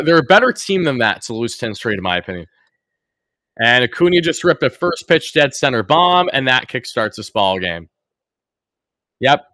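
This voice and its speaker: A man's voice: medium pitch, big pitch swings, normal speed, sharp tone, no room sound, studio quality. A man from New York doing a live fan reaction to a baseball game, ranting with sarcasm and exasperation.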